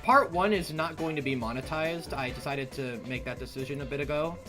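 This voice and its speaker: A man guesting on a casual stream, an artist who talks animatedly and excitably, often saying "bro". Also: fairly high pitch, brisk, music in the background.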